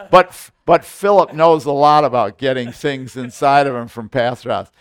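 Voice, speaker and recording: A man's voice: mid-range voice, normal speed, hardly any pauses, clean tone. Intense, emphatic male preacher. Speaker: pastor. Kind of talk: sermon.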